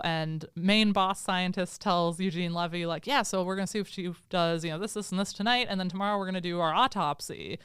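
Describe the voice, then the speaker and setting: A woman's voice: on the low side, fairly bright tone, clear, resonant tone, no echo, clean studio sound. A woman co-hosting a podcast, recapping a movie in casual chat and acting out the characters' lines as she goes. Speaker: podcast co-host.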